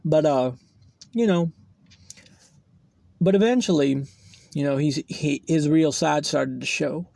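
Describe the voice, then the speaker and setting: A man's voice: on the high side, slow pace, gravelly, long pauses, a little mellow, dry recording. A young man hosting a podcast, telling a personal story in a rambling, profane way, full of fillers. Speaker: podcast host. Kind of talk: casual storytelling monologue.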